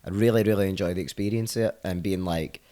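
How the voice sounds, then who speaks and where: A man's voice: sits low, fairly even intonation, fast, dark tone. A man with a Scottish accent, a comedian and podcast guest telling rambling, sweary stories in casual chat.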